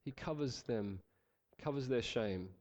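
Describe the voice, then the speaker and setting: A man preaching a sermon, praying and reading scripture in an earnest, measured way, slightly nasal from a head cold. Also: medium pitch, a little mellow. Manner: earnest, measured, some fillers.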